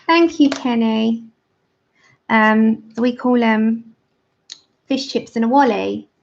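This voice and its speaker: A woman's voice: fairly high pitch, fairly even intonation, slow, vocal fry. An English woman hosting a livestream, chatting casually and explaining each step as she colours. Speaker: livestream host. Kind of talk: casual chat while colouring. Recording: dull lo-fi livestream audio.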